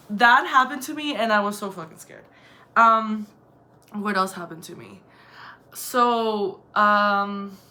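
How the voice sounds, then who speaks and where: Animated young woman telling a story. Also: medium pitch. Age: young adult. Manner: animated, profane, dramatic retelling. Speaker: vlogger. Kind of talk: casual storytelling vlog.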